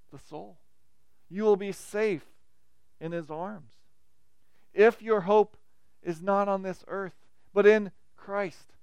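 A man's voice: high voice, clear, resonant tone, dry recording. A man preaching a sermon, with dynamic emphasis and frequent questions to the listeners.

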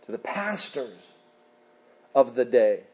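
Slow, earnest preaching man. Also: very animated, darkish tone, breathy edge. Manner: earnest preaching with shrill put-on voices for quoted people. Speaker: pastor. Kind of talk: sermon.

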